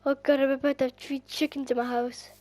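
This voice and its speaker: Irish woman yapping over her game, kinda high voice, goes off on tangents, squeals when excited. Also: fast talker, slight background noise. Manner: rambling, chatty, bursts into excited squeals. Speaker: gaming channel host. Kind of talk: casual gameplay commentary.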